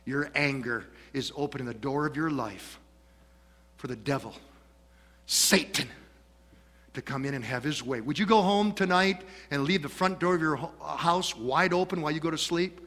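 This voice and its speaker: A man preaching a sermon as pastor in a church, dramatic, swinging between loud pleas and hushed asides. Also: a little high, normal speed. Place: church sanctuary. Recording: long church hall reverb.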